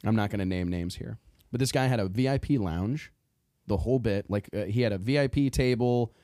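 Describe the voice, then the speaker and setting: A man hosting a podcast, telling a story in a casual, animated way, acting out what people said and laughing often. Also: fairly low pitch, fairly quick, dry recording, clean studio sound. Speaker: podcast host.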